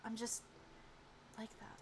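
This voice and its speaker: A woman reading the lines of a tearful young man confessing his love, softly and hushed. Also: slow pace, a little hiss or hum, close to an everyday voice, low-quality recording. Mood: tender. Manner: soft, hushed, trembling. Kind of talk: reading visual novel dialogue aloud.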